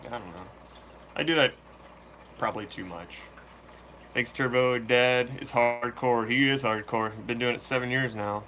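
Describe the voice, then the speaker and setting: A man hosting a fishkeeping channel, chatting casually and answering viewer questions live in a relaxed, slangy way. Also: medium pitch, measured pace, pauses often, slight background noise. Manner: laid-back, slangy, chatty. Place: room full of fish tanks.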